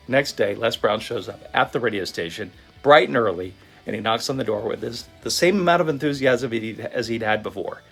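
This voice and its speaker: Husky-voiced man telling a motivational story. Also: medium pitch, fairly quick, few pauses. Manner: vivid, animated storytelling. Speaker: motivational speaker. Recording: faint guitar music behind. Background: soft guitar music.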